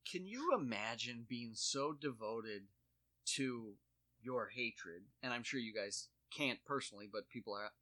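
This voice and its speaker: A man's voice: mid-range voice, measured pace. A man in his thirties chatting casually and joking, acting out quoted voices as he tells stories. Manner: animated storyteller, acts out quotes. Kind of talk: casual comedic chat.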